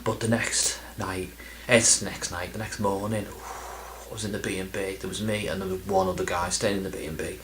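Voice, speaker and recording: A man's voice: low-pitched, steady tone, normal speed, few pauses, noisy background. A man chatting in a casual vlog, rambling and self-deprecating, with plenty of ums and restarts. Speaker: video game collector vlogger.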